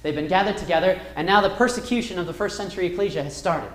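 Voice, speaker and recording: A man teaching a Bible class, reading verses aloud and retelling the story with wide swings in loudness. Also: high voice, fast. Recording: echoey room.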